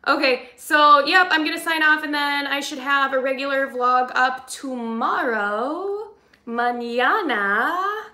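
A bright, fairly high young woman from Minnesota chats and giggles through a live stream. Her voice bounces around an echoey room as she reads out viewer messages. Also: measured pace, hardly any pauses. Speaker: vlogger host. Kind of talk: casual live-stream chat.

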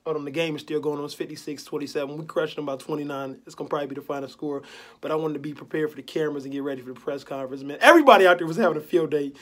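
A man's voice: on the high side, little pitch movement, very fast. A young man vlogging a mock post-game press conference, boasting and trash-talking in laid-back slang.

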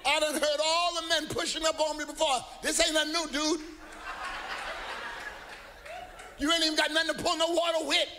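A woman's voice: high-pitched, lively intonation, measured pace, bright, forceful tone, slight background noise, pitched above the performer's own voice, heavily acted. A preacher putting on a sassy, brassy woman at a well. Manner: brassy, mocking street talk.

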